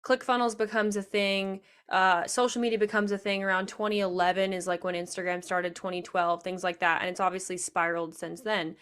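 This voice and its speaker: A woman's voice: mid-range voice, flat delivery, brisk, few pauses, a bit bright, smooth. A woman hosting a podcast, talking in a chatty, reflective way with lots of fillers. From Nebraska. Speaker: podcast host. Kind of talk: casual podcast chat.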